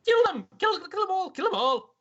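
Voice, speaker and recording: A man voicing a panicky male NPC ally who shouts in a frantic, strange accent. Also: very high voice, racing, lo-fi sound, voice pushed up, exaggerated voice. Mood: frenzied.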